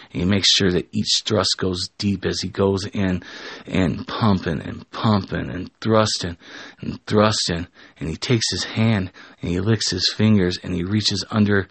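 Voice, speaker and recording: A man with a low, husky voice narrates an improvised story in a relaxed, casual way. He often restarts and corrects himself mid-sentence, and his voice sounds dry and close to the mic. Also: no room sound. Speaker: storyteller and show host.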